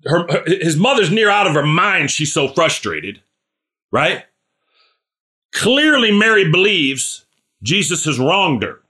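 Bright-voiced man preaching casually. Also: on the high side, takes it slowly. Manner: chatty, asks listeners questions by name; animated, acts out scripture characters. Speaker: pastor. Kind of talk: conversational sermon.

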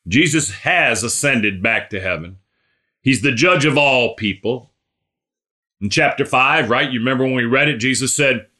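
A pastor delivers a sermon in a bright, forceful voice pitched in the middle range. He speaks expressively at a normal speed, hitting key lines hard before slipping into quiet, mumbled asides.

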